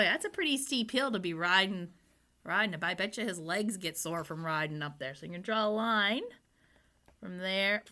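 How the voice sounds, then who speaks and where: A woman teacher giving a phonics lesson to young children, reading words slowly and patiently. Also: mid-range voice, creaky. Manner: slow, patient, reads words aloud in even steps.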